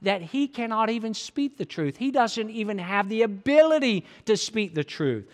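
A man's voice: high voice, sing-song, normal speed. A man preaching a sermon as a pastor, talking to the congregation in an earnest, conversational way full of rhetorical questions. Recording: long reverb of a large hall.

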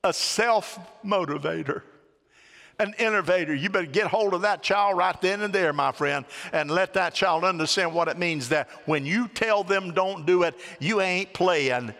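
A male pastor preaching a sermon, lively and dramatic, stretching phrases and acting out little voices. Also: fairly high pitch, measured pace, few pauses. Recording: long reverb of a large hall.

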